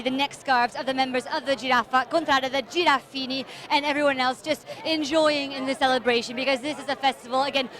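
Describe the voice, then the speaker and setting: Her voice is high as she chats her way through a live outdoor street celebration, excited and short of breath while moving along with the camera. Drums and a crowd fill the background.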